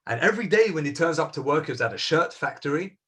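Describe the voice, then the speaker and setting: A man's voice: fairly high pitch, animated, fast talker, fairly bright tone. A man serving as rabbi, telling a story sermon-style over a video call, earnest and emphatic, repeating key words and acting out quoted dialogue.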